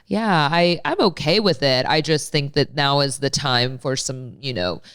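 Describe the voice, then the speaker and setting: A woman in her late thirties co-hosting a podcast, her voice stuffed up from a head cold. Despite the congestion her tone stays smooth and clear, and the sound is dry and close. She rambles in a chatty, self-deprecating way. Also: sits low, lively intonation, measured pace, fairly bright tone, no echo. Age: late 30s. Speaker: podcast co-host. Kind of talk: casual podcast chat.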